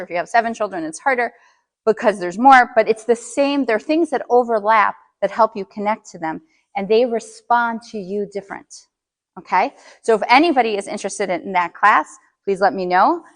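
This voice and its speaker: A woman's voice: mid-range voice, brisk. A middle-aged woman coaching parents in a live workshop, checking in with the audience with frequent questions.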